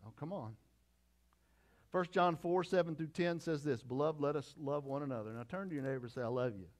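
A man's voice: a little high, a little fast. A middle-aged pastor preaching a conversational sermon with repeated phrases and asides to his congregation.

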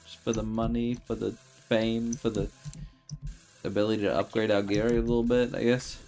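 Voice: medium pitch, little pitch movement, moderate pace, dark tone. A co-player chatting casually during a game stream in an easygoing, teasing way. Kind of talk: casual gameplay chat.

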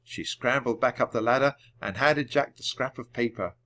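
A man reading a children's book aloud at a clear, measured storytelling pace. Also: medium pitch, a bit bright. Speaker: audiobook reader.

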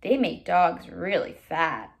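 A woman's voice: on the low side, sing-song, takes it slowly, gravelly, pitched below the performer's own voice, heavily acted. A woman reading aloud voices a nerdy, matter-of-fact genius boy.

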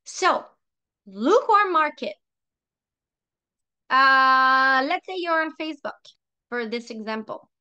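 A woman with a French accent, coaching listeners in a lively, chatty way and acting out sample phrases. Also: high-pitched, slow, pauses often, clear, resonant tone, dull audio. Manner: lively, chatty, repeats herself. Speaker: sales trainer. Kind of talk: coaching talk with role-played examples.

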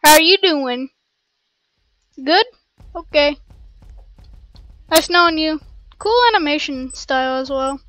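High squeaky gamer girl rambling about her game, bright voice, dry close mic. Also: slow pace, long pauses, dry recording. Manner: excitable, rambling, playful slang. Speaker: gameplay streamer. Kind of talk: casual gameplay commentary. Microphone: cheap desk mic.

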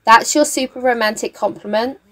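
A woman's voice: a little high, fairly quick, fairly bright tone. A woman chatting casually through a gameplay video, laughing a lot and scolding the characters on screen, recorded at a home desk mic. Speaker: gaming YouTuber. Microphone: desk mic with face cam.

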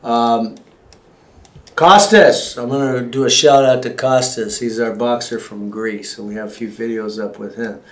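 A man's voice: mid-range voice, steady tone, measured pace, fairly bright tone, roomy sound, rough recording. A man working as a chiropractor, explaining x-rays and exam findings to a patient in a casual, joking way. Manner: casual, joking, talks as he shows. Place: clinic exam room.

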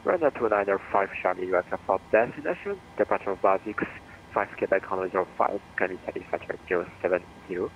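Man, French accent, air traffic controller, low voice, hesitant, fillers, radio phraseology. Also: highs cut off. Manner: hesitant, full of fillers, quick delivery.

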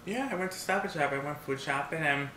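Bright-voiced man with blunt story time. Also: a little high, quick pace. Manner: animated, talks while eating; blunt and profane. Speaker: vlogger. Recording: echoey room, faint background hiss.

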